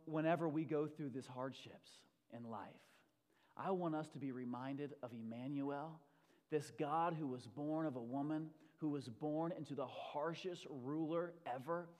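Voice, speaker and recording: Pastor, male, fairly high voice, preaching with swings from loud to hushed; long hall reverb. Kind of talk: sermon.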